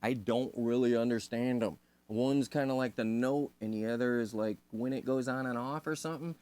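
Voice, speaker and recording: A man's voice: medium pitch, fairly even intonation, moderate pace, darkish tone. A man reading a synthesizer manual aloud and breaking off into laid-back, self-deprecating commentary with casual swearing. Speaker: synth hobbyist host.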